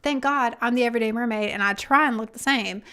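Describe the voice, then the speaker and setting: A young woman co-hosting a casual podcast chat, gushing and excited, who often drops to a whisper for emphasis. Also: a little high, quick pace, clear, resonant tone. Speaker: podcast co-host.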